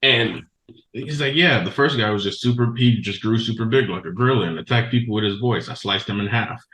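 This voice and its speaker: A man hosting a podcast, recapping a show in a loose, profane, animated storytelling way. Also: fairly low pitch, brisk, slight background noise. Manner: profane, animated storytelling with laughs and quoted voices. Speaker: podcast host. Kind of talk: casual recap of an anime episode. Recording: echoey room.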